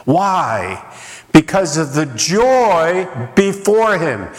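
A man preaching with a fairly high voice, taking his time over each phrase. He builds his points through rhetorical questions and repeated lines. His voice rings with the long reverb of a large hall. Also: sing-song, drawn-out words. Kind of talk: sermon.

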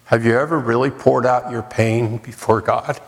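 A man's voice: medium pitch, steady tone, moderate pace, creaky. A man preaching a sermon in a dramatic way, with rhetorical questions and repeated lines for emphasis. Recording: long reverb of a large hall.

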